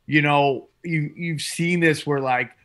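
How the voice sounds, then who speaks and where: Man, bright forceful voice, slightly high, crude casual podcast talk, lots of fillers. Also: steady tone, slow pace. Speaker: comedian podcast host. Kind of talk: casual chat.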